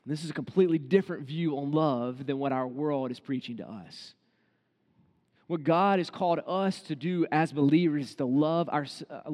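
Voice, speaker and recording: Guy pastor preaching casual-like, high voice, big echoey church hall. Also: darkish tone. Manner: conversational preaching, acts out quoted inner voices. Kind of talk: sermon. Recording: long hall reverb.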